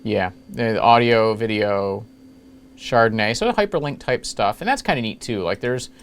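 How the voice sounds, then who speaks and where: A man hosting a casual screen-capture walkthrough of old software, rambling along with jokey, self-mocking asides. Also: on the low side, expressive, moderate pace, smooth. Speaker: retro computing video host.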